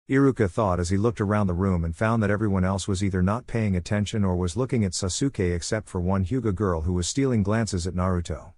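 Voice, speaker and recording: Low-voiced man narrating a story. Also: fairly quick, few pauses, a little mellow, dry recording. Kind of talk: scripted narration of fan fiction.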